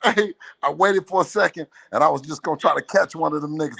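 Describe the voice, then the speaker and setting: A man's voice: a little high, quick pace, vocal fry, few pauses, a little hiss or hum. A man calling into a livestream, talking casually and playfully, often laughing. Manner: animated, laughing, playful trash talk. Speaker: call-in guest. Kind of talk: casual phone call on a livestream.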